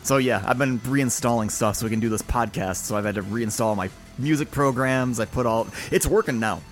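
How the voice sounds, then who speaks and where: A man's voice: mid-range voice, brisk, faint music behind. A man co-hosting a casual podcast, telling a rambling self-deprecating story. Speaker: podcast co-host. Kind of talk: casual chat.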